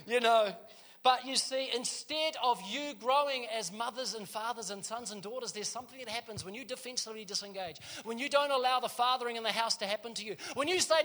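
A man preaching a sermon in a church, telling street stories in an animated way and laughing often. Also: sits high, brisk.

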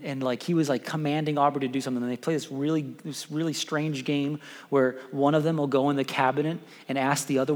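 A man preaches in an easy, animated, storytelling way, his voice a bit on the high side. The church hall gives a long reverb, and faint music plays behind him. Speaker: pastor. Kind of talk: sermon.

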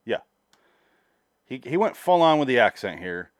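Lively-voiced man chatting about movies. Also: medium pitch, moderate pace, no room sound, studio quality. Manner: laid-back, joking, profane. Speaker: podcast co-host. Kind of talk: casual movie-review chat.

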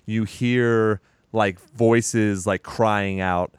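A man recaps a film with a podcast co-host's easy, profane energy. His voice sits low and sounds smooth and resonant, and the recording is dry and close with no room around it. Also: very slow, no echo. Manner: profane, animated retelling with acted quotes. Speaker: podcast co-host. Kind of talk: casual movie recap chat.

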